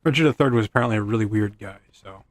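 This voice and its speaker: Talking very fast in a lowish voice on a dry recording, a man streams a video game. He keeps up casual, rambling commentary, mocks himself with quips, and chats to his horse in the game.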